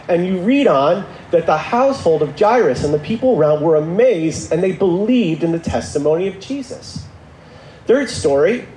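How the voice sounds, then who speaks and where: A man preaches in a relaxed, conversational storytelling style, lowering his voice when he acts out what people said. His voice sits a little high but sounds mellow and warm. The room is echoey, with a faint hum of ambience behind him. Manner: storytelling, acting out quotes in a lower voice; conversational, with asides and restarts. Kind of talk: sermon.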